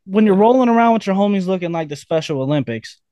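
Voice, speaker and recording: Rambling young man, fairly high voice. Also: lively intonation, quick pace, warm tone, no room sound, highs cut off. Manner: rambling, laughs easily, many fillers and restarts. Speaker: rapper guest. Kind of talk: casual interview chat.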